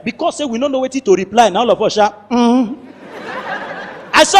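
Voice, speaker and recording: High animated Nigerian comedian on stage. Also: male voice, brisk, long reverb tail. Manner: animated storytelling with shouted sound effects. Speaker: stand-up comedian. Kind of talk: stand-up comedy in pidgin. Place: large hall before a live audience.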